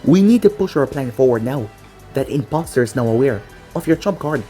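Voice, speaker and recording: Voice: mid-range voice, lively intonation, fairly quick, mellow, close to an everyday voice. A narrator voicing a huge sardonic male fox spirit with a blunt, teasing manner, over faint music. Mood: gruff.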